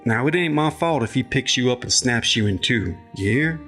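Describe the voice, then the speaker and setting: A man voicing a gruff, bigoted small-town police officer who shouts scornfully in a storybook reading. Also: medium pitch, animated, moderate pace, soft background music. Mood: mocking.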